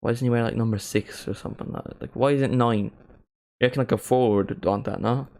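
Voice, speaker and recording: A man with a mild Northern Irish accent hosts a live football watchalong. He talks in a casual, chatty way at a mid-range pitch and swears freely. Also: fairly even intonation, fast, gravelly, a little mellow. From Northern Ireland. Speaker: watchalong host.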